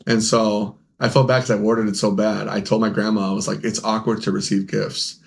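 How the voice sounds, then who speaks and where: Gravelly young man rambling through stories. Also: fairly low pitch, level tone, a little fast, a little hiss or hum. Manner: rambling storyteller, laughs often, acts out quoted voices. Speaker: podcast co-host, game store owner. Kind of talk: casual podcast chat.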